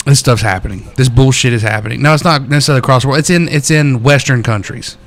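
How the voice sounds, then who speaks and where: A man's voice: mid-range voice, fast talker. A young American man co-hosting a podcast, rambling and joking with frequent restarts. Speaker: podcast co-host. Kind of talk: casual podcast banter.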